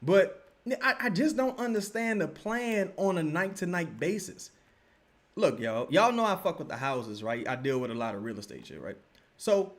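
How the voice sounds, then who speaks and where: A young man rants through a basketball live stream, swearing freely and punching each point with "right?". His voice sits a little high. It jumps all over the place as he gets worked up. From Louisiana. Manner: animated, profane, repeats points with "right?". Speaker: sports commentary streamer.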